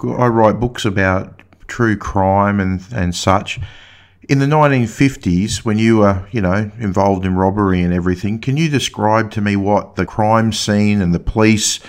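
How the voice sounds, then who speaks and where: A man interviewing a guest, asking plain, measured questions as a true crime writer. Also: on the low side.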